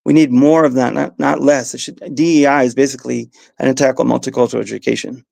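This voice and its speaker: A man with a Mid-Atlantic Southern accent, a guest on an interview, answering thoughtfully with restarts and soft laughs. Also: medium pitch, fairly even intonation, fast, creaky, dry recording. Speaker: guest, education advocate.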